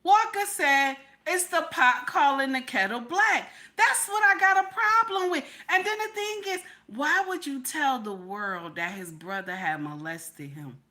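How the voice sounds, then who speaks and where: High, bright-voiced woman ranting. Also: animated, measured pace, few pauses. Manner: emphatic, repeats questions, swears freely. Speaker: livestream reaction host. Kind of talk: heated reaction livestream commentary.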